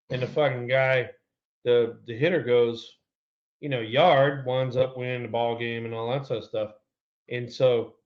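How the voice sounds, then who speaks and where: A former baseball player telling a heated, profane locker-room story on a podcast. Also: male voice, medium pitch, highs cut off. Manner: heated, profane, acts out his own shouting. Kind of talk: casual sports storytelling.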